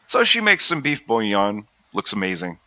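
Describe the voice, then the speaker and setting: A man's voice: lowish voice, wildly swooping pitch, normal speed, sharp tone, no echo. A man co-hosting a film podcast, animatedly retelling scenes and acting out the characters' lines in a casual chat. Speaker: podcast co-host. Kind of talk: casual movie discussion.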